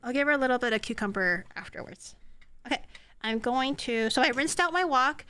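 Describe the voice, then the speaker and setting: A woman's voice: sits high, lively intonation, fairly quick, pushed and bright, clean tone. A young woman live-streaming from her home kitchen, chatting casually with her viewers in a playful, teasing way as she cooks. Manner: playful, teasing, bursts into laughter. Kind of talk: casual live-stream chat while cooking.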